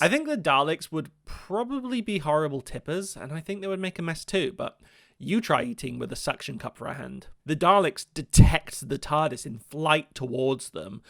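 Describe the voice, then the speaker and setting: Young man, scripted commentary voice, gravelly and bright, wry asides. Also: fairly high pitch, no echo, clean studio sound. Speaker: video essayist.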